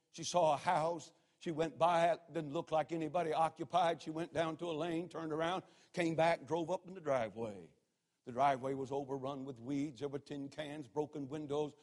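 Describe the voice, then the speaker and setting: A man, preaching a sermon and telling stories dramatically, dropping to a hush and then rising to a shout. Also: fairly high pitch, fairly even intonation, moderate pace. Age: 60s. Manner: dramatic, swings from hushed to shouting. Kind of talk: sermon with storytelling.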